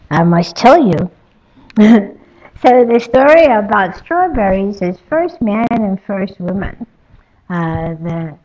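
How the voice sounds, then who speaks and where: A woman spiritual teacher telling a traditional story in a slow, halting way, with many pauses. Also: on the low side, muffled recording. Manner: slow, halting, with fillers and soft asides.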